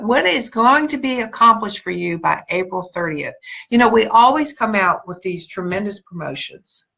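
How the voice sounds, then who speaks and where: A woman's voice: medium pitch, sharp tone, muffled recording. A woman giving an earnest, emphatic motivational talk on a livestream, repeating her key words for weight. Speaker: motivational speaker and sales team leader.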